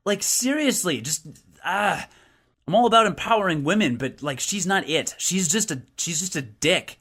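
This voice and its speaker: A young man co-hosting a gaming podcast in loose, casual conversation. His voice sits a little high and swings widely in pitch as he talks. He is blunt and opinionated, often stumbling and restarting mid-thought. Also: moderate pace, breathy edge. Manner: opinionated, animated, with frequent restarts. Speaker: podcast co-host and game reviewer. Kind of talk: casual chat.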